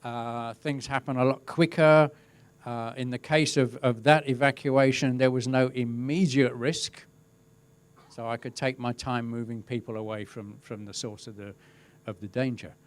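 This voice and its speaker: A man's voice: medium pitch, normal speed. Wry middle-aged man telling a webinar story. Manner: relaxed storytelling with wry humour and chuckles. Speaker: crowd safety and event management specialist. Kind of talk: webinar presentation, telling an anecdote.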